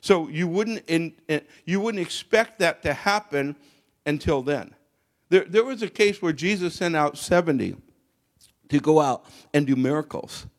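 Halting man preaching a sermon. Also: a little high, expressive. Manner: halting, repeats and restarts words, rising when quoting scripture.

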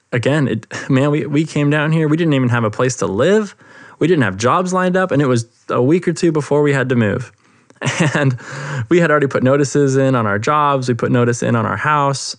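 An earnest young man hosts a faith podcast from home, telling a personal story with plenty of fillers and restarts. His voice sits at a middle pitch and is recorded close and dry, with no room sound. He keeps an eager, enthusiastic tone throughout. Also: dry recording. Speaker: podcast host. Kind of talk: casual faith podcast testimony.

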